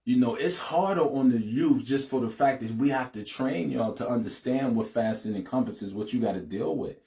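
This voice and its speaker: A middle-aged channel host talks to his audience in a warm, mid-range voice at normal speed, heartfelt and casual. He keeps saying "man" and "you know what I'm saying," and when urging his listeners, his voice climbs and quickens.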